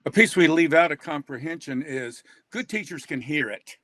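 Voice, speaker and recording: A man's voice: on the high side, animated, normal speed, pushed and bright. An older man, an author and reading educator, talking in a folksy, rambling way and chuckling often. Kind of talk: casual online talk.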